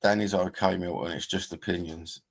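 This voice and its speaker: A man's voice: deep voice, fairly even intonation, normal speed, gravelly, husky. A man, chatting casually on a livestream and reading out viewer comments. He rambles bluntly, swears freely and calls people mate and bruv. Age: 50s. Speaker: livestream host.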